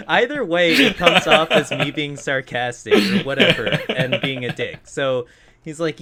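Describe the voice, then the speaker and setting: A man's voice: on the high side, animated, measured pace, bright, forceful tone. A man co-hosting a podcast, telling a profane, laughing story about a rude customer in casual chat. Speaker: podcast co-host.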